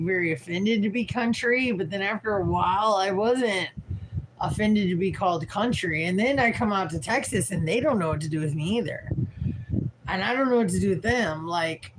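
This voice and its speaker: A woman's voice: mid-range voice, noisy background. A tired woman from St. Louis rambling frankly through a livestream, swearing casually and leaning on fillers. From Midwest US, St. Louis. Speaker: vlogger livestreaming.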